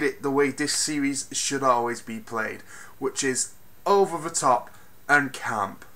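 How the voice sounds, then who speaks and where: A man giving a casual spoken film review, animated and ranting, swinging from mutters to loud bursts and swearing freely. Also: medium pitch, unhurried. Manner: swears freely, exasperated rants.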